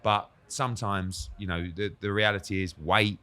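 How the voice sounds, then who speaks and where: A British man, a boxing promoter, telling lively sarcastic stories in a casual podcast interview and acting out the quotes. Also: on the low side, normal speed. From England. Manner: animated storyteller, acts out quotes, sarcastic.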